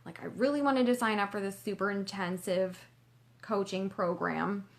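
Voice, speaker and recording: A woman's voice: mid-range voice, fairly even intonation, normal speed, vocal fry. A young woman from Canada telling a personal story to her vlog viewers, chatty and gushing, full of "like" fillers. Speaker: vlogger. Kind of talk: casual storytelling.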